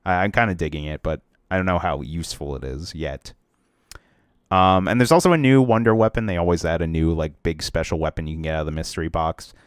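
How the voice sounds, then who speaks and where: A man's voice: deep voice, quick pace, clear, resonant tone, no room sound, studio quality. A young man co-hosting a casual podcast about video games, rambling with lots of fillers and restarts. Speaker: podcast co-host.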